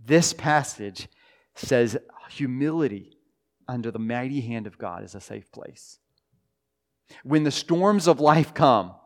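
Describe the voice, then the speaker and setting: A man preaching a sermon in a church. He talks in a conversational way, often restarts, and slows down for emphasis. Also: mid-range voice, darkish tone. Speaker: pastor. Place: church sanctuary.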